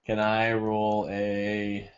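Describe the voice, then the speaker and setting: A man's voice: fairly low pitch, completely flat delivery, drawn-out words, clear, resonant tone. A man playing a tabletop game, asking rules questions in casual talk. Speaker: player. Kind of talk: casual tabletop role-play. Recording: dull, muffled lo-fi mic.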